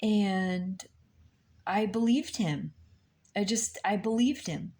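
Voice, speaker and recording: A woman slowly telling a painful personal story, halting with many pauses and fillers, recorded on a laptop mic. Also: medium pitch, darkish tone. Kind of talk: personal testimony, slow and halting. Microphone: laptop mic on her lap.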